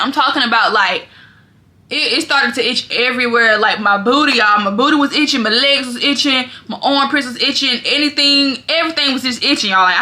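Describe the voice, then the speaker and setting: A young woman vlogger telling stories in a lively, dramatic way, often talking straight to her viewers. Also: a little high. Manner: animated, dramatic storytelling, often addresses viewers as y'all. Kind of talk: casual storytelling vlog.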